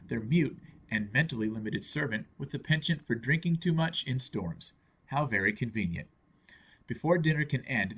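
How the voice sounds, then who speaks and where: Husky man reading a film review. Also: mid-range voice, fairly bright tone. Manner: earnest, explanatory. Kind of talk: scripted review narration.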